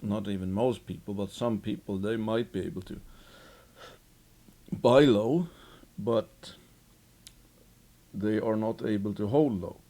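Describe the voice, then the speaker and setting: A man giving casual, unhurried investing commentary as host of his own show, rambling a bit with restarts. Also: lowish voice, dark tone.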